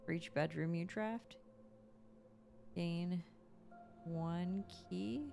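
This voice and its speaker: A woman's voice: on the low side, extremely slow, vocal fry, dark tone, faint music behind. A woman streaming a video game, chatting casually and reacting aloud to what happens and to her chat. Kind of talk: casual gameplay commentary.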